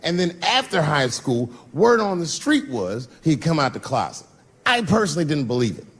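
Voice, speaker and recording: A middle-aged man performing stand-up comedy on stage, telling a profane, conversational story and jumping his pitch for voices. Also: big pitch swings, moderate pace, a bit bright. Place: stage before a live audience.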